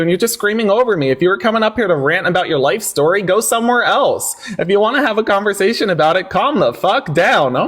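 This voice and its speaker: A man's voice: high voice, a bit bright, breathy edge. A man hosting a heated livestream debate, mocking and sarcastic, who often talks over the caller.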